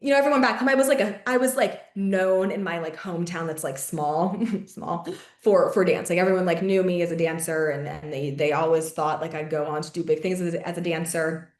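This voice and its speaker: A young adult woman hosting a podcast, telling a personal story in casual chat, heavy on fillers, swearing and quick laughs. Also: fairly low pitch, roomy sound. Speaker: podcast host.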